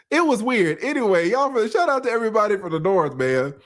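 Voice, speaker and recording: A man's voice: sits high, big pitch swings, fairly quick, a bit bright. A man from Atlanta, hosting a casual, profane livestream commentary, often laughing. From Atlanta, USA. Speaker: YouTube commentary host.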